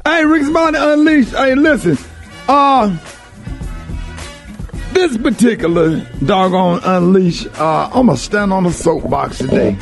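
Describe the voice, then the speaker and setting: A man's voice: high-pitched, animated, unhurried, creaky, faint music behind. An older man, hosting a morning radio show and delivering an impassioned monologue with a lot of emphatic repetition. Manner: emphatic and preachy, repeats phrases for emphasis.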